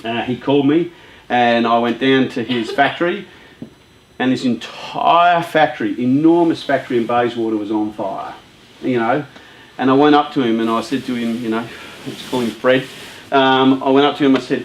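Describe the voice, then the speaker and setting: A man giving a motivational talk to a group of young people, chatty and lively, telling stories and putting questions to the audience. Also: mid-range voice, normal speed, roomy sound, rough recording. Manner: lively, chatty storyteller who talks with the audience. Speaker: youth workshop speaker.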